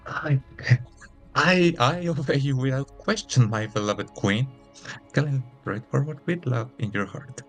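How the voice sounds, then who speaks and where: A man plays a knight reading his options aloud with wry remarks. His voice sits at a mid pitch, with faint music underneath. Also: unhurried, fairly bright tone.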